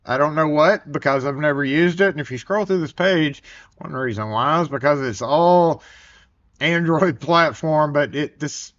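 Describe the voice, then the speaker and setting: A man's voice: on the high side, normal speed, fairly bright tone, dull audio. A man talking as a locksmith in a casual product review vlog, rambling loosely with many fillers and restarts.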